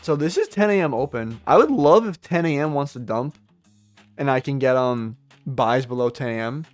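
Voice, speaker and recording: A man's voice: medium pitch, lively intonation. A young man hosting a trading livestream, reading viewer comments aloud in loose, joking slang. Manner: loose, joking, slangy, reacts to chat with quick laughs. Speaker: livestream day trader. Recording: faint music behind the voice.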